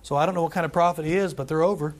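A man preaches a lively sermon to his congregation. His voice sits high for a man, and he swings between emphatic, drawn-out scripture reading and easy conversational asides. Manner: animated preaching, scripture read aloud with emphasis, asides and laughs. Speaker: pastor.

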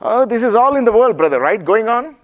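A man's voice: very high voice, brisk. A man with an Indian accent teaching the Bible to a group and asking them questions. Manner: asks the audience questions, lively and engaging. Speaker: preacher.

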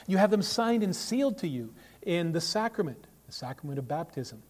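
Pastor, male, higher-pitched voice, preaching emphatically to the congregation, reverberant church sound. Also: sing-song, moderate pace, darkish tone. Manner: emphatic, rises and falls sharply in volume, asks rhetorical questions. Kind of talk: sermon. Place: church sanctuary. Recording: long reverb of a church hall.

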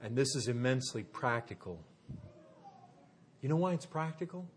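A man preaching a sermon in a conversational way, asking his listeners rhetorical questions and calling them folks, often dropping low and quiet to stress a point. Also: lively intonation, normal speed, slight background noise. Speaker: pastor.

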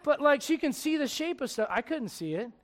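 High-voiced joking preacher. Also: male voice, very animated, brisk, some chatter behind. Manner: conversational, joking, swings from hushed to loud. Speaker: pastor. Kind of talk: storytelling sermon.

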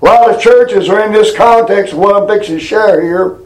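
A preacher man, older, with a voice pitched unusually high. He preaches in a folksy, colloquial way and stretches scripture out slow and emphatic. It's a down-home sermon delivered from the pulpit. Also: reverberant, rough recording.

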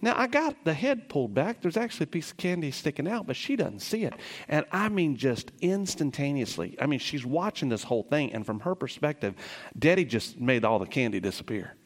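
A middle-aged male preacher giving a sermon, shifting between slow, hushed scripture reading and lively, excited storytelling. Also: on the high side, long reverb tail. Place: church sanctuary.

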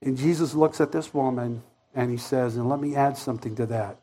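A man preaching a Sunday sermon as pastor, telling the story dramatically and acting out the voices in it, rising loud and dropping soft. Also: medium pitch, steady tone, a little fast. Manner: dramatic storytelling, acting out quoted voices, wide swings in loudness.

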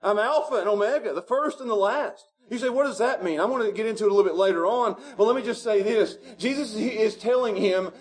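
A man preaching a sermon as pastor, animated and rising to shouts at the high points. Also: fairly quick, hardly any pauses.

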